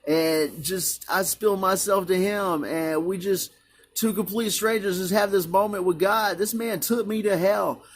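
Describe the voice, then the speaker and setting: In an unhurried, high voice, with a little hiss or hum in the recording, a vlogger tells the story of his own religious experience. The testimony is emotional and earnest, and he rambles and circles back over the same points.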